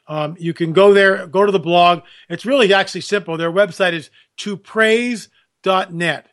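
A man's voice: high voice, a bit bright. A man hosting a radio show, talking casually and animatedly, restarting his sentences as he goes. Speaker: radio host.

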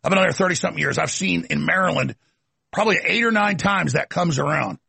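A man's voice: fairly high pitch, fast, creaky, sharp tone, husky, dry recording. A middle-aged male talk show host delivering a ranting, emphatic political monologue.

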